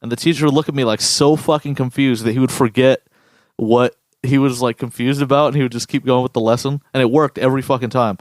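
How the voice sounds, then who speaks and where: A young man co-hosting a podcast in casual chat, swearing often and telling stories with animated impressions. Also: medium pitch, fast, dry recording, clean studio sound. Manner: profane, animated storyteller. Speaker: podcast co-host.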